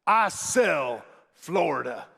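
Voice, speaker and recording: A man voicing a brash, proud male businessman in his seventies who talks insistently and loudly, in an echoey large hall. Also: on the high side, sing-song, slow pace, vocal fry, husky, full character voice. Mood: boastful. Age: 70s. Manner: insistent, challenging, loud.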